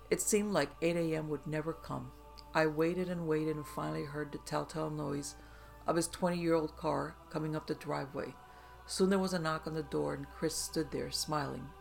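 A storyteller giving a steady, even reading of first-person tales, including a spooky one. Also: medium pitch, creaky.

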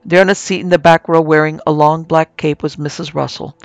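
A man narrating a scripted horror story in a slow, measured way as podcast host. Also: fairly high pitch, level tone, gravelly, dry recording, faint music behind.

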